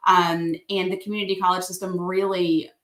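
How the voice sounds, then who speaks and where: A woman's voice: on the low side, level tone, fairly quick, a bit bright, echoey room. A woman from rural Alabama with a Southern accent, a guest speaking candidly and reflectively in a casual interview.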